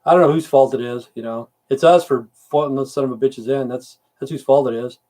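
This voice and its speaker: A middle-aged military veteran hosts a casual livestream, reading viewer comments aloud and answering them in a rambling, profane, grumbling way. His voice is medium-pitched and dark-toned, with fairly even intonation and a brisk pace.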